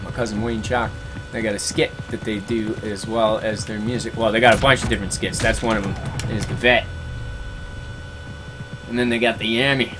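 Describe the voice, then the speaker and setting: A man's voice: on the low side, fairly even intonation, moderate pace, pauses often, over music. A man hosting a gaming livestream, chatting casually and telling stories in a laid-back, chuckling way. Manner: laid-back, chuckling storyteller who slips into voices for quoted friends. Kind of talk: casual chat, storytelling between reading chat comments.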